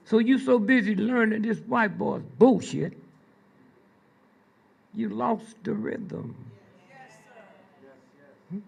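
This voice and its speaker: An older man with a high, gravelly, husky voice gives a slow storytelling lecture to a live audience, very animated and drawing out his words with pointed pauses. He keeps prodding the crowd with "Hmm?" and "Huh?", and the sound is lo-fi.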